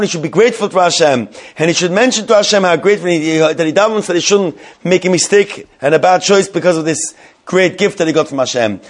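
A man giving a Torah class, reading Hebrew lines slowly and then explaining them in English with frequent restarts. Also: high-pitched. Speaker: Torah teacher.

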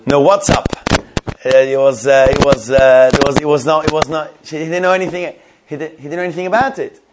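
A male teacher telling a story to a class, animated, with many restarts, stopping to quiz students. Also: a little high, fairly quick, very noisy.

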